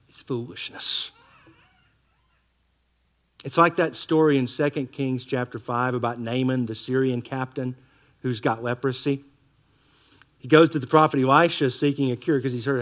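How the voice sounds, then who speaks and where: A middle-aged man preaching a sermon in a lively way, acting out what the people in his stories say. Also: a little high, moderate pace, pauses often. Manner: animated preaching that acts out quoted voices.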